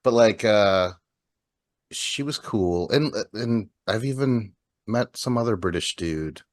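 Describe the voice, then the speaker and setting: Low-voiced man in loose, swear-heavy chat. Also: animated, slow pace, dry recording, clean studio sound. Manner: rambling, swears often, many fillers and restarts. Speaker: podcast co-host. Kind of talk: casual chat.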